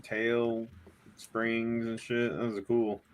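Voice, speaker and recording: A man's voice: medium pitch, flat delivery, takes it slowly, clear, resonant tone. A man in a casual online chat, enthusiastic and laughing, who swears often.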